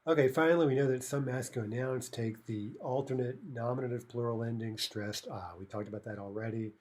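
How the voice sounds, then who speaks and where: A man's voice: mid-range voice, steady tone, brisk, darkish tone. A man teaching a recorded language lesson, explaining grammar rules step by step and often checking in with "right?".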